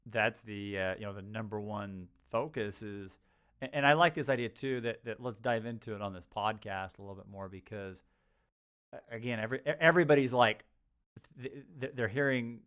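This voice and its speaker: Male co-host and advisor, smooth resonant voice, relaxed chatty delivery. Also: lowish voice, moderate pace. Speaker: financial advisor and podcast co-host. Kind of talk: casual podcast chat.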